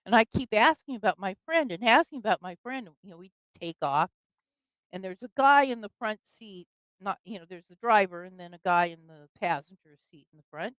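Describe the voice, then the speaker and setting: A woman's voice: mid-range voice, animated, fairly quick, a bit bright, no echo, low-quality recording. An older woman telling a personal story in casual conversation, with fillers and laughs. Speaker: guest storyteller.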